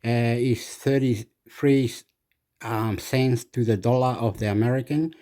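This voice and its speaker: Rambling Chilean man with a mellow voice. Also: medium pitch, fairly even intonation. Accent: Chilean Spanish. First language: Spanish. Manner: rambling, halting, hesitant with many fillers. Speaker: channel host. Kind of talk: rambling casual monologue.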